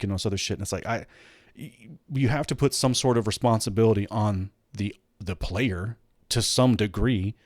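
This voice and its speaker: A man's voice: lowish voice, a little mellow, no echo, studio quality. A man hosting a casual commentary show, ranting bluntly and swearing, with many restarts. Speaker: host.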